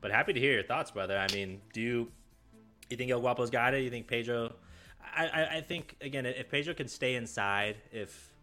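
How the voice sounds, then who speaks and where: A guest on a sports podcast, this man talks with a forceful, bright edge and hypes up every point in slang. Faint music runs underneath his voice. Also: medium pitch, a little fast. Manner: hyped, emphatic, slangy. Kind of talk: casual sports chat.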